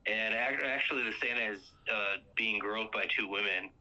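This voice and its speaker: A man's voice: lowish voice, normal speed, sharp tone. A man hosting a casual movie recap chat, rambling and filling gaps with um and uh. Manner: rambling, fills with um and uh. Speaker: podcast host. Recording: lo-fi muffled sound.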